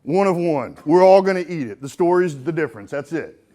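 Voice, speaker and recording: A middle-aged man giving a live motivational keynote on stage, folksy and joking, swinging between punchy lines and hushed ones. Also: a little high, animated, brisk. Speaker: motivational speaker. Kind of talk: live keynote speech to an audience. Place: stage in front of a live audience.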